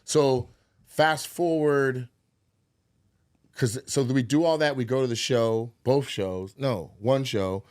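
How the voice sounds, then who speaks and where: Taking it slowly in a smooth, medium-pitched voice, this podcast co-host is heard in studio quality with no room sound. His casual story is animated and profane, with him acting out what people said.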